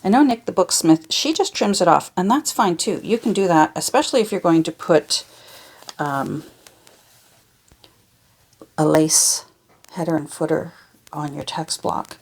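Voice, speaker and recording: A woman's voice: lowish voice, lively intonation, a little slow, pauses often, a little mellow, slightly rough. A Canadian woman chatting casually as she works on a craft project in her home studio, rambling and wandering off on tangents. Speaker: junk journal crafter. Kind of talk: casual chat while crafting.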